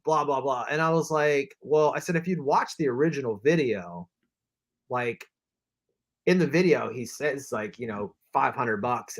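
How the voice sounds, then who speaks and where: A man co-hosting a collecting live stream tells a winding story in easy conversation. He voices what other people said as he goes and leans on fillers. His voice sits at an ordinary middle pitch. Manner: rambling anecdote with acted-out quotes, many fillers. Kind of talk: casual chat, storytelling.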